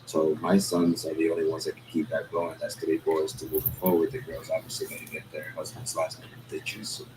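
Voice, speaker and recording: A man's voice: very deep voice, completely flat delivery, quick pace, hardly any pauses, background noise. A man hosting a casual chat, rambling and streetwise, talking in loose asides.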